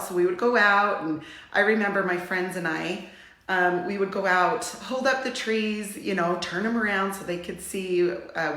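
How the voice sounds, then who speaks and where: Hosting a relaxed livestream, a middle-aged woman from Utah talks in a warm, meandering way and becomes tearful. The recording sounds roomy, and her voice falls in the mid-range.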